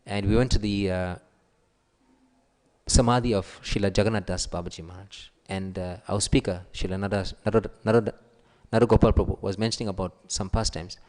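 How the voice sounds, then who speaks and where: A man giving a sermon, telling stories and acting out the quoted voices with a raised pitch. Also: fairly even intonation, brisk, a little mellow. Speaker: preacher. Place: temple hall. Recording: long hall reverb.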